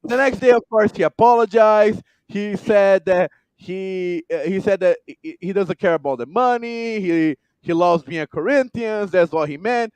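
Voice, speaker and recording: A podcast co-host with a Brazilian Portuguese accent and a high voice talks sports in English, his second language. He is animated and stumbles through fillers and restarts. The recording is dry and close. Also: smooth, no room sound. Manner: animated, halting with many fillers. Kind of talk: casual sports chat.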